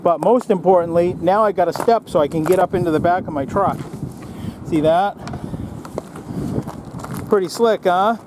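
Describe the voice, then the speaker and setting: A chatty middle-aged man hosts a welding vlog, his voice pitched a little above the usual for a man. He talks to viewers in a loose, friendly way, often slipping in a laugh and calling them guys. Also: normal speed, pauses often, noisy background. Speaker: YouTube welding channel host. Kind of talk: casual how-to vlog and storytelling. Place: partly outdoors in strong wind.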